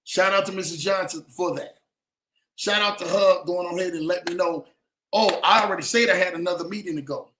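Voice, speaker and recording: A man hosting a casual livestream show, telling stories and giving advice in an animated way, often checking in with his listeners. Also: sits high, brisk, reverberant. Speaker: show host.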